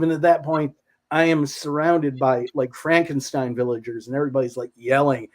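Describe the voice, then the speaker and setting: A man co-hosting a podcast, telling stories in an animated, enthusiastic way in casual chat. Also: fairly high pitch, moderate pace. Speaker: podcast co-host.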